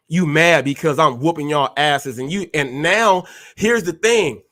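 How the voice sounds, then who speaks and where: A man's voice: fairly high pitch, unhurried, hardly any pauses, fairly bright tone. A man hosting a live stream, ranting in a fiery, confrontational way with slangy street talk. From California. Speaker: host. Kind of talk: heated live-stream rant.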